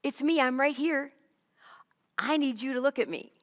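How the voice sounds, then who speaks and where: A woman's voice: high-pitched, moderate pace, lightly acted. A woman voicing a friendly, encouraging grown man who speaks in a casual, coaxing way. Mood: reassuring.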